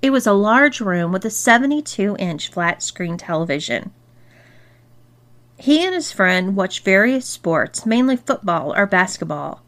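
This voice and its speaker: A woman narrating an erotic story in a steady, expressive reading voice. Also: medium pitch, unhurried. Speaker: story reader.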